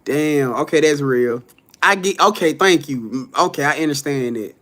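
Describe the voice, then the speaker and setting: A man hosting a casual live stream, reading viewer comments aloud and answering them in a loose, profane, animated way with frequent laughter. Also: fairly high pitch, normal speed.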